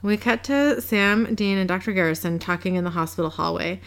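A woman's voice: on the low side, brisk, clear, resonant tone. A woman co-hosting a podcast, narrating an episode recap in a chatty, matter-of-fact way.

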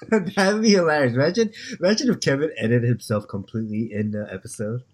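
A man co-hosting a hobby podcast jokes around in casual, animated banter and laughs often. His voice is medium-pitched and his pace moderate.

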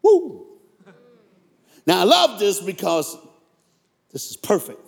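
An American man giving a live motivational sermon to a crowd, telling his story in a voice that drops to a hush and then rises to loud, fired-up preaching, with jokes aimed at the audience. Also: high voice, very animated, unhurried, creaky. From United States. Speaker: motivational speaker. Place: large hall with a live audience. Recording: echoey hall with long reverb.

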